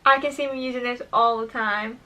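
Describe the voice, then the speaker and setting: A woman's voice: on the high side, steady tone, fairly quick, sharp tone, highs cut off. A young woman chatting to camera while testing make-up, enthusiastic and self-deprecating. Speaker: beauty vlogger. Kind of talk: casual make-up tutorial chat. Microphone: camera mic, talking to camera.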